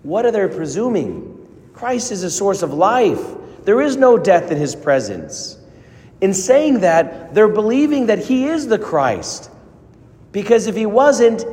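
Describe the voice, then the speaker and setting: A man preaching a sermon as a priest, earnest, with dramatic pauses and rising emphasis. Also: high voice, a little mellow. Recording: long reverb of a large hall.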